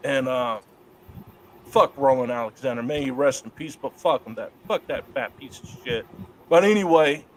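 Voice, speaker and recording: A middle-aged man telling wrestling stories in a casual interview, profane and lively. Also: medium pitch, normal speed, slight background noise. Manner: profane, animated storyteller doing voices of others in quotes. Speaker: guest, wrestler.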